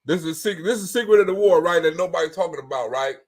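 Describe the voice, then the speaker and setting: A man's voice: on the high side, fast talker, a little mellow. A man hosting a casual video commentary, talking animatedly, swearing and often tagging his lines with "right?". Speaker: commentary host.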